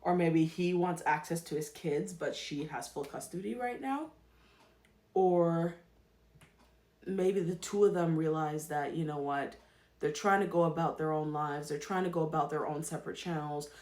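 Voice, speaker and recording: A woman talks through casual commentary as a podcast host, pressing her points and repeating them for stress. Her voice sits a little low, and the room around her is echoey. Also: moderate pace, a little mellow. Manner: emphatic, repeats herself for stress.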